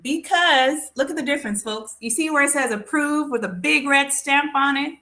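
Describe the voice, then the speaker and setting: A woman's voice: high-pitched, moderate pace, sharp tone. A woman hosting a casual live stream, talking straight to her viewers and calling them folks. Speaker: livestream host.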